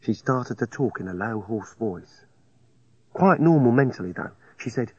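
Male narrator with a husky voice; plain, halting first-person telling, recorded dry and a little dull. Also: medium pitch, animated.

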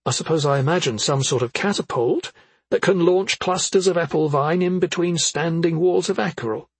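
A woman's voice: fairly low pitch, moderate pace, breathy edge, dry recording, pitched above the performer's own voice. A man reading an audiobook, voicing a worried middle-aged mother who questions her son sharply and skeptically. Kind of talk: audiobook character voice.

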